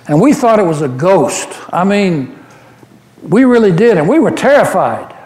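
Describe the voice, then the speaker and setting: A man's voice: high-pitched, moderate pace. A man playing the apostle Peter, an earnest, devoted fisherman telling his memories in a first-person monologue during a church service. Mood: awed. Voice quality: earnest, animated storyteller with frequent restarts. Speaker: church member giving a dramatic monologue. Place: church sanctuary. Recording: roomy church echo.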